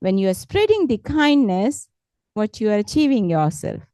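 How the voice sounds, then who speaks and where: A woman leading a talk on positive thinking, speaking patiently and gently, often checking in with her listeners. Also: mid-range voice, sing-song, no echo. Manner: slow, patient, repeats words and asks "correct?"; gentle, encouraging. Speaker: meditation instructor.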